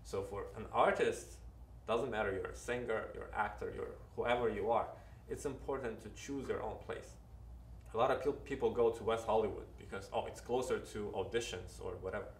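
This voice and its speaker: A man with a Ukrainian accent speaks in a fairly low voice, earnest and advising as he restarts his sentences. He sounds a little away from the mic in an echoey room. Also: brisk, far from the mic, a little hiss or hum. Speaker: interview guest, actor. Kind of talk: casual interview talk.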